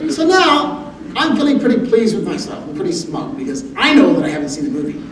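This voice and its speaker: A man giving a motivational talk, telling humorous personal stories with an animated, self-deprecating delivery. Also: high-pitched, fast. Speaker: motivational speaker. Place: university lecture hall. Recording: echoey hall audio from far off with background noise.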